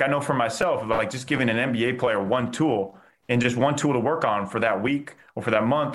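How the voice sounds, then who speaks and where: An enthusiastic man talking as a mindset coach in a podcast interview. His pitch sits in a middle range, and he often stops to say "like" before going on. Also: a bit bright. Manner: enthusiastic, uses filler "like" often.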